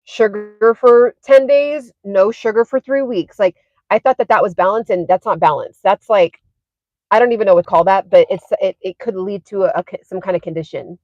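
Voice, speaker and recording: A woman's voice: mid-range voice, moderate pace, no room sound, dull audio. A woman talking casually on a livestream from her parked car, chatty with lots of fillers and laughs. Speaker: fitness and wellness creator.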